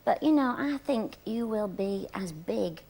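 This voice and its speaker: A woman's voice: medium pitch, expressive, a little slow, creaky, warm tone. A woman playing an elderly Northern chat-show host with a Northwest England accent, delivering innocent-sounding put-downs to her guests. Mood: teasing. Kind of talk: comic chat-show interview. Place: TV studio with live audience. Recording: noisy old tape with studio audience laughter.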